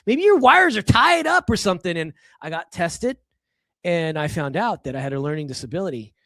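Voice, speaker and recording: A man's voice: high voice, sing-song, a little fast, bright, forceful tone, no echo, studio quality. A middle-aged man from Los Angeles, a podcast guest, telling a personal story with emphatic energy and frequent restarts. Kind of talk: casual storytelling.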